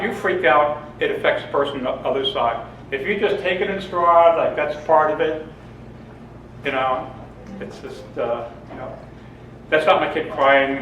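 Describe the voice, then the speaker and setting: A man's voice: a little high, a bit bright, a little hiss or hum. Man joking through a seminar talk. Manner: joking, storytelling, laughs often. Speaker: seminar presenter. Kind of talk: humorous seminar talk with audience. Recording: echoey room, mic from a distance.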